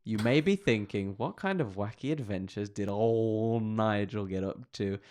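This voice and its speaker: A man's voice: lowish voice, measured pace, a little mellow, slight background noise. A man co-hosting a comedy podcast, reading out odd internet stories in a casual, jokey way with plenty of laughs and swearing. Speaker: podcast co-host.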